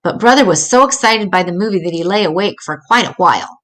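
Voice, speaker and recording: Moving fast through a children's picture book, a grandmother reads aloud in a mid-range voice. She stays gentle and expressive despite a few small stumbles.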